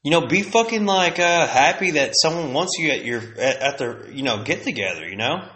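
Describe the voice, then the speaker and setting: A man's voice: a little high, sing-song, a little fast, pushed and bright. A man hosting a solo podcast, venting bluntly in a casual, profanity-heavy rant that circles back on itself. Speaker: podcast host.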